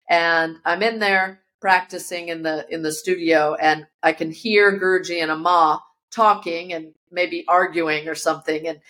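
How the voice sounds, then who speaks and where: In her yoga studio, a woman being interviewed tells a personal story with vivid flair, voicing each person she quotes. Her pitch is fairly low and her tone fairly bright.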